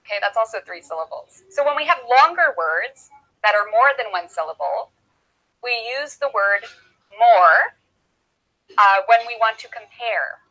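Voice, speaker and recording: A woman explaining English grammar as a teacher, patient and clear, repeating simple examples with props. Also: fairly high pitch, lively intonation, normal speed, sharp tone, poor audio. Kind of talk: slow, clear classroom explanation.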